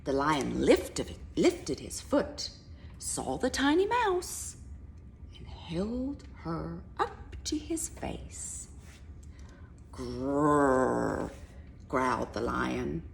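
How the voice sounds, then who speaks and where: A woman reads a picture book aloud to a young child, narrating slowly and often softening into a whisper. Her voice is lowish and gravelly. She swoops widely up and down as she tells the story. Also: wildly swooping pitch, a little hiss or hum. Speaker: reader to a child.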